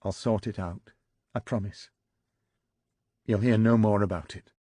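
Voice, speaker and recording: A man reading the part of a gruff older politician from Lancashire, blunt and then hushed and sorry. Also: fairly low pitch, steady tone, unhurried, no room sound. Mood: contrite. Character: gruff older male politician, caught out and sheepish.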